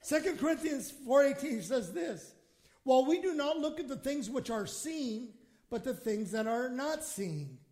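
High-voiced pastor preaching with passion. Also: male voice, animated, unhurried. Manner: impassioned preaching, swings from hushed to shouting; acts out quoted prayers in his own voice. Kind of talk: sermon.

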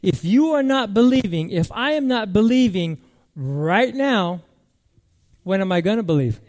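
A man preaching a sermon as pastor, emphatic and repetitive, moving between loud declarations and quiet musing. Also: high-pitched, animated, measured pace.

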